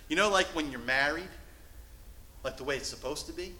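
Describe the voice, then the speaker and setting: A male pastor preaching a sermon from the pulpit, shifting between loud, emphatic lines and hushed, soft passages. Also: fairly high pitch, fairly quick, long pauses, echoey room, rough recording. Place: church sanctuary.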